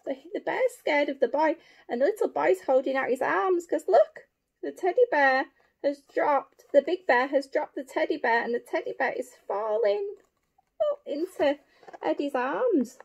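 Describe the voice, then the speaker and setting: A woman's voice: high voice, lively intonation, moderate pace, gravelly. A woman teacher reading a picture book aloud to young children, gasping and exclaiming as she goes. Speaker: primary school teacher.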